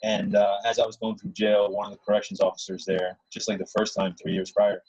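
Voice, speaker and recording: Husky low-voiced man telling his story. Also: level tone, fairly quick, darkish tone, no echo, lo-fi sound. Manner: earnest, rambling, restarts often. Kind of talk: casual personal storytelling.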